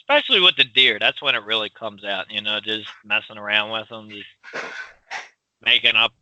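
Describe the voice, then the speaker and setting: A man from Philadelphia with a Philly accent, co-hosting a casual chat, loud and rambling with frequent laughs. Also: fairly low pitch, normal speed, no room sound, rough recording. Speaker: podcast co-host.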